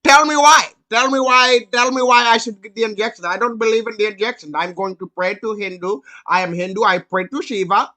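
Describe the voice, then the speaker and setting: A man's voice: high-pitched, a little fast, few pauses, pushed and bright. A man voicing a stubborn, devout man who insists he refuses an injection, repeating himself. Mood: defiant.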